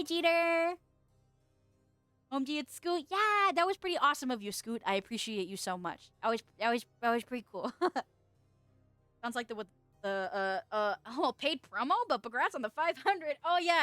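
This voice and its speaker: A young woman streaming live, chatting with viewers in a high, bright-pitched voice and breaking into giggles often. The sound is dry and close to the mic. Faint music plays underneath. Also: lively intonation, moderate pace, no room sound. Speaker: streamer and VTuber. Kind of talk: casual livestream chat.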